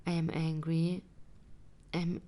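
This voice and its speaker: A woman talking through her personal experience in a reflective vlog, hesitant and searching for words, sometimes dropping to a soft whisper. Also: sits low, completely flat delivery, slow. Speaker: vlogger.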